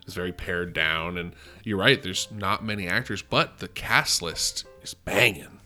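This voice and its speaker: A man's voice: deep voice, unhurried, pushed and bright, faint music behind. A man co-hosting a podcast in casual movie-review chat, emphatic and laughing, swearing freely. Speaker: podcast co-host.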